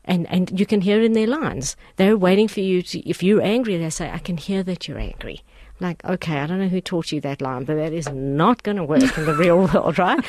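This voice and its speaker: Earnest woman with a low voice. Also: animated, fairly quick, few pauses, darkish tone. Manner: earnest, emphatic, repeats phrases for effect. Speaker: host giving life advice and readings. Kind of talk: conversational advice talk.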